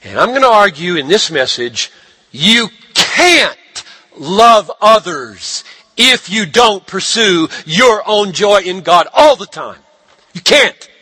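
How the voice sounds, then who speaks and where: A man preaching a sermon, animated, swinging from hushed lines to shouted ones. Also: high voice, measured pace, breathy edge. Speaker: pastor.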